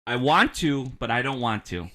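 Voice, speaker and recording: A man co-hosting a podcast in casual chat, animated, arguing his picks and mimicking others. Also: mid-range voice, moderate pace. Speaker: podcast co-host.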